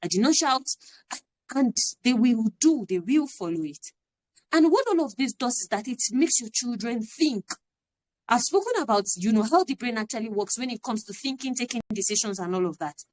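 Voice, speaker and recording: A woman's voice: fairly high pitch, expressive, normal speed, darkish tone. A woman, giving an earnest, emphatic parenting talk on a live stream and repeating her key phrases. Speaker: parenting coach.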